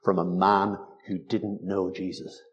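A man's voice: low voice, little pitch movement, measured pace. A man preaching a sermon, emphatic and full of rhetorical tag questions.

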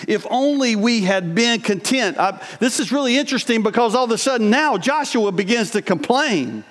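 This pastor's voice is high and a little bright as he delivers his sermon. Between scripture readings he slips into sincere, chatty asides, and the sound carries a long hall reverb.

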